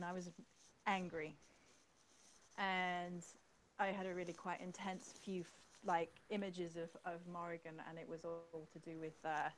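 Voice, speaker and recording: Lively woman host, animated storyteller, a bit sweary, faint noise behind. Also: lowish voice, low-quality recording. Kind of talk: casual chat.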